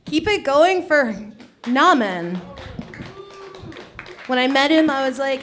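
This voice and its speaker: A woman's voice: sits high, normal speed, fairly bright tone, slight background noise. A young woman hosting an open mic comedy night, chatty and teasing the crowd between acts. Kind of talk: live stand-up hosting. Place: small comedy stage.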